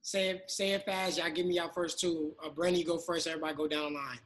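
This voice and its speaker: A man hosting a relaxed sports podcast, his voice pitched high and ringing bright. He moves the talk along, calls on each guest in turn and closes the segment. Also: fast talker. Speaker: podcast host. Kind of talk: casual sports debate.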